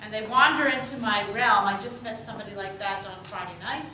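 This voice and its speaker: A woman's voice: medium pitch, fairly quick, pushed and bright, slight background noise. A woman rabbi leading a group discussion, affirming people's answers and joking lightly. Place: synagogue meeting room. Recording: echoey room picked up from far off.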